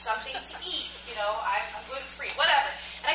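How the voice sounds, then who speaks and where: Brief: animated woman speaker with a high voice, sarcastic storyteller, recorded from afar in an echoey hall. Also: fast. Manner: animated storyteller who voices her friends; self-described sarcastic. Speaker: speaker at a sales training event. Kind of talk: motivational business talk. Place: event hall. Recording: echoey hall from far off with noise.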